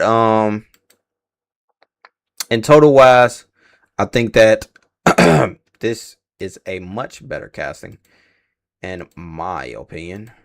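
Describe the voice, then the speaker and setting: A man reacting to film casting news on a live stream, talking casually and muttering asides. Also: medium pitch.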